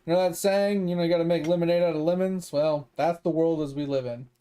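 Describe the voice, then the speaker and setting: A man's voice: a little high, steady tone, quick pace, mellow, smooth. Profane, rambling man streaming games. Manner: profane, rambling, laughs often. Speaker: gaming streamer. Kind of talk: casual chat with stream viewers.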